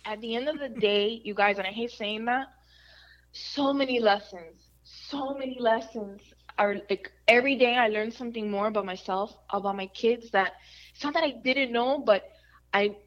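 A woman chatting casually on a podcast, telling lively family stories and slipping in Spanish phrases. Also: on the high side, moderate pace. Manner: animated storyteller, mixes Spanish phrases. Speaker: radio host guest. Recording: dull lo-fi audio.

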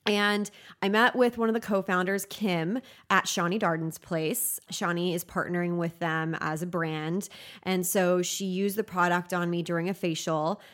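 A woman's voice: fairly low pitch, fairly even intonation, moderate pace, a bit bright. A young woman co-hosting a casual beauty chat, playful and enthusiastic. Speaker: podcast co-host.

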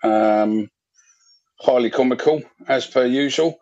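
A man's voice: mid-range voice, slow, darkish tone, muffled recording. A man hosting a live football fan podcast, chatting casually with callers in an easygoing way with plenty of fillers. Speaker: podcast host.

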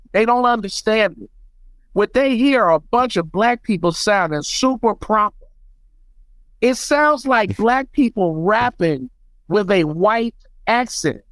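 Animated American man, guest. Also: high-pitched, no echo, poor audio. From United States. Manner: animated, emphatic storyteller. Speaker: guest beatmaker. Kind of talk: casual podcast chat.

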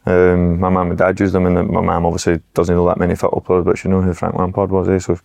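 A former footballer with a Scottish accent rambles through anecdotal stories as a guest in a casual podcast chat. His deep, creaky, slightly mellow voice moves fast with a completely flat delivery.

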